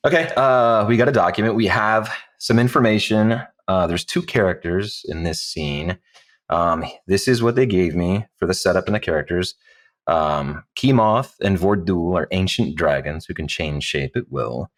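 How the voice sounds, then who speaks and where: A man's voice: low-pitched, moderate pace. A man who is a guest audiobook narrator, thinking aloud on a roundtable. He is eager and chatty and works through the material step by step.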